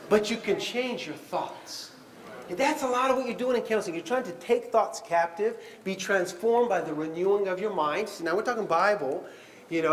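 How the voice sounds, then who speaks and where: Animated, high-voiced man lecturing a class. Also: reverberant. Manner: conversational, animated, acts out quoted dialogue. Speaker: pastoral counseling lecturer.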